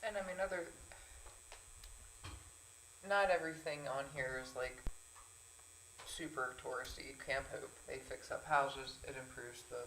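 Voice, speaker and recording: A woman's voice: extremely low pitch, unhurried, pauses often, fairly bright tone, slight background noise. A woman talking casually at a city council work session, making jokes along the way. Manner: casual, joking. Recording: echoey meeting room.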